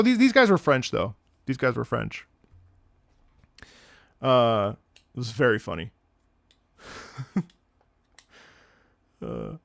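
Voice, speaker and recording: A man chats on a live stream in a lively, swooping voice with a gravelly edge. He tells stories and jumps into impressions, all recorded dry and close. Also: no echo. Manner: animated storyteller, mimics French voices with high loud bursts. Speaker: streamer host. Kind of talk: casual live-stream chat.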